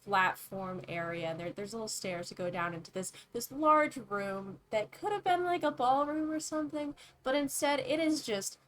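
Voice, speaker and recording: A woman's voice: on the high side, moderate pace, few pauses. A woman narrating as dungeon master, describing scenes in an easygoing way with fillers. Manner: relaxed, hesitant descriptions with fillers. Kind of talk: narrating a tabletop game.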